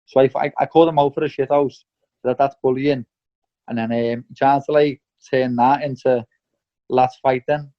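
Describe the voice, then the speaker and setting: A man's voice: mid-range voice, fairly even intonation, normal speed. A young man talks bluntly in an interview, swearing freely and dropping "mate" and "lad" as he goes. The recording sounds slightly dull and lo-fi. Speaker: professional boxer. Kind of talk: candid interview.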